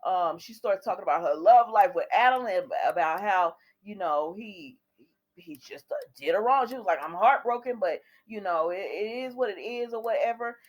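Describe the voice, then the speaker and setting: A woman's voice: medium pitch, lively intonation, normal speed. A woman recapping a soap opera episode for her viewers in a chatty way, retelling the scenes and quoting what the characters say. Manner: talks directly to viewers.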